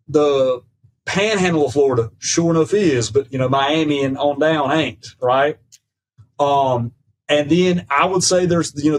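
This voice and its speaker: A man speaking as a podcast guest and professor, in a measured, lecturing way that mixes academic phrasing with folksy "ain't" and frequent "right?" checks. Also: a little high, slight background noise, poor audio. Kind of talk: conversational lecture.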